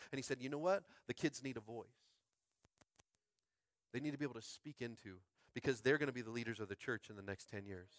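A man preaching a sermon as pastor, fervent and calling out to his congregation, swinging from quiet musing to shouted climaxes. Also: mid-range voice, no room sound. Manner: calls out to the congregation. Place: school space used as a church.

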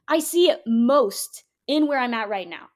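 A woman's voice: a little high, animated, measured pace. A woman giving an earnest, emphatic faith testimony as a podcast guest, full of "like" as she talks. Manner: earnest, emphatic storytelling with many "like"s.

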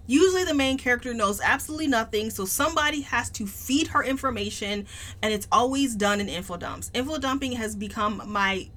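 A woman's voice: fairly high pitch, expressive, brisk, bright, forceful tone. A woman co-hosting a book podcast, giving a blunt, emphatic review in casual chat. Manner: blunt, emphatic, swears freely.

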